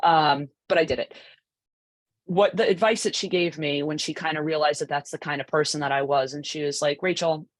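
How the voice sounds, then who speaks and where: A woman's voice: deep voice, steady tone, a little fast, no room sound. A woman coach giving a conversational presentation, chatty, full of asides and rhetorical "right?" tags. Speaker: lacrosse goalie coach presenting.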